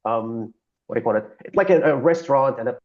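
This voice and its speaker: A man's voice: mid-range voice, quick pace. A man co-hosting a podcast in casual chat, telling stories and laughing often as he talks. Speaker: podcast co-host. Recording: dull lo-fi recording.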